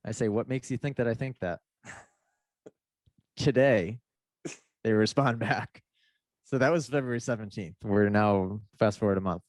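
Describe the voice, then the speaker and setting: A man's voice: lowish voice, normal speed, pauses often, a little mellow, dry recording, clean studio sound. A man, a mindset coach guesting on a podcast, telling a story casually, laughing and acting out the messages he quotes.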